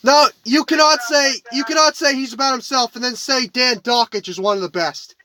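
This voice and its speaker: A man co-hosting a casual sports podcast, blunt and quick to argue. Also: extremely high pitch, pushed and bright. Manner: blunt, argumentative. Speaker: podcast co-host.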